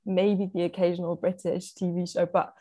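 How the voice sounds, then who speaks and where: A woman's voice: on the low side, level tone, moderate pace, warm tone, dry recording. Chatty young woman, English. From Austria. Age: young adult. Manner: chatty storyteller, laughs often. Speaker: actor guest. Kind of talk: casual interview chat.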